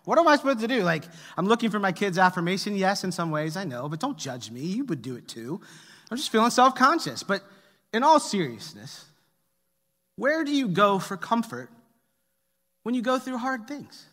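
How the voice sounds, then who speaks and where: Very animated and fairly bright in tone, this middle-aged man's high-sitting voice keeps a moderate pace as he preaches as pastor. Long reverb fills the echoey church hall while he shares funny family stories and prompts the congregation to respond.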